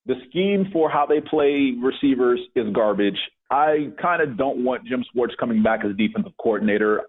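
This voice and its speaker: A man co-hosts a sports podcast with a husky voice, grumbling and sarcastic. He comes through a thin, phone-like line. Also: mid-range voice. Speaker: podcast co-host, Eagles fan. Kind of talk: casual sports podcast chat. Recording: tinny phone-like remote line.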